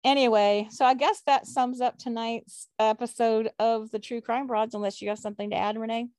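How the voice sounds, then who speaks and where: A woman's voice: on the high side, fairly even intonation, normal speed, a little mellow, dry recording. Chatty woman podcast co-host, dry sound. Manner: chatty, defiant, laughs easily. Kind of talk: casual true crime podcast chat.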